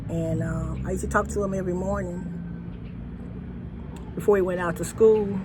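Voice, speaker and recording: Woman, casual rambling talk, swearing, fillers and restarts, outdoors, clear traffic noise behind. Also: lowish voice, steady tone, moderate pace. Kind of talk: rambling personal monologue. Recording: noisy with passing traffic.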